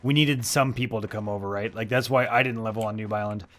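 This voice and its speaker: A man chatting casually with other players on a live game stream, easygoing and quick to laugh, with loose rambling banter. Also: fairly low pitch, fairly even intonation, a bit bright, soft background music. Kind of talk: casual chat among players.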